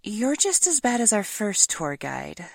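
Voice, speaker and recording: A woman's voice: mid-range voice, big pitch swings, measured pace, gravelly, no echo, studio quality, full character voice. A woman voicing a snarky tourist who heckles the tour guide with sarcastic interruptions. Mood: heckling.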